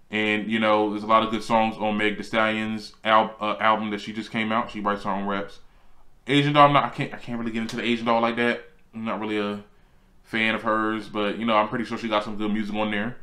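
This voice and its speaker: A man hosting his own celebrity gossip show, chatting casually and sassily, jumping up in pitch to make a point. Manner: animated and sassy, swings high for emphasis. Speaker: host.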